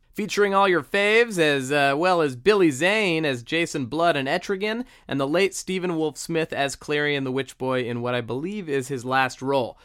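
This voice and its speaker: A man's voice: fairly high pitch, a bit bright, clean tone, dry recording, studio quality. A man hosting a comedic podcast, upbeat and jokey, sometimes slipping into a mock newscaster read. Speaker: podcast host.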